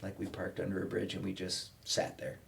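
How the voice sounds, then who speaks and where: A man's voice: deep voice, a little fast, vocal fry. A man telling a story in casual podcast chat, acting out the people he quotes. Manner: animated storyteller who acts out quoted people. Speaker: podcast guest.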